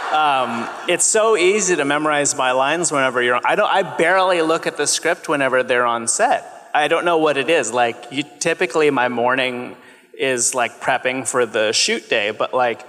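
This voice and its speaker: A man's voice: mid-range voice, a bit bright. A man in his thirties, a children's TV host, speaking earnestly and gratefully on a convention panel. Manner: earnest and grateful, quick bursts of speech. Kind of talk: casual panel talk. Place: large convention hall. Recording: long reverb of a convention hall.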